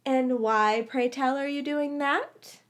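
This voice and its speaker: Woman reading: curt, annoyed schoolgirl witch, high and clipped. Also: fairly even intonation, takes it slowly. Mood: irritated. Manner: irritated, curt. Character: irritated teenage schoolgirl witch, sharp-tongued.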